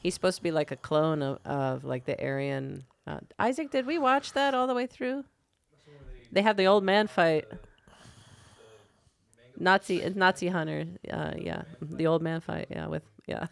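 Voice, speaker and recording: A woman's voice: low-pitched, moderate pace, vocal fry, clear, resonant tone. A woman in her fifties co-hosting a casual chat, chatty and reminiscing, laughing often. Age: 50s. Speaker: podcast co-host.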